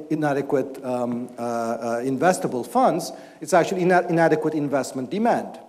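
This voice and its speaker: A man, an economics professor, giving an explanatory academic talk and answering questions, often pausing and restarting his sentences. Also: on the high side, warm tone, in a large hall. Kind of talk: academic lecture and Q&A. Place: lecture hall.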